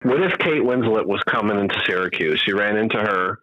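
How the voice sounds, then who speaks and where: A man's voice: fairly low pitch, animated, a little fast, no echo, muffled recording. A man co-hosting a podcast in casual chat, ranting bluntly and swearing freely. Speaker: podcast co-host.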